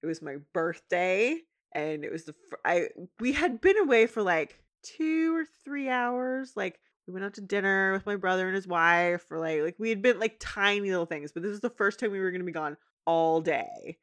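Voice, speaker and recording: A woman's voice: normal speed, hardly any pauses. A woman in her thirties, recapping a cartoon episode in casual chat and acting out the characters' lines. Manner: animated, acts out characters' lines in a high voice. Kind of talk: casual chat, retelling with voiced quotes.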